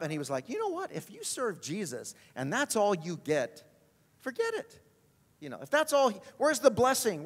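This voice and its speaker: A male pastor telling a story in a sermon, animated and acting out the people in it. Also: fairly high pitch. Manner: animated, acts out voices in his stories. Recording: long hall reverb.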